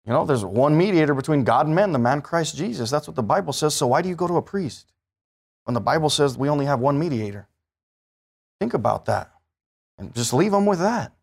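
Male pastor, emphatic pulpit delivery with sharp shifts in volume, slightly high voice. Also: lively intonation, fairly quick, creaky, breathy edge. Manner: emphatic preaching that swings from loud peaks to low asides. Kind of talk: sermon.

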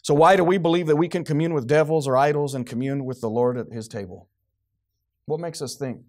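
Preaching man with a higher voice. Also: a little fast. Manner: preaching, swinging from quiet to loud. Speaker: pastor. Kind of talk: sermon.

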